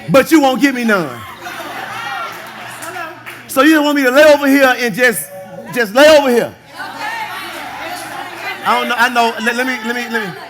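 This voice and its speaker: A male pastor preaching a lively sermon, shouting, laughing and acting out husbands and wives for his congregation. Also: extremely high pitch, slight background noise. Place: church sanctuary. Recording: live church service with congregation audible. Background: congregation responding.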